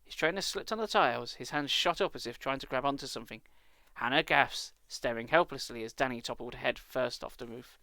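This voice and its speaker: A man's voice: mid-range voice, brisk, hardly any pauses, bright, forceful tone, no echo. A British man reading a children's book aloud live, with dry, sarcastic asides. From Britain.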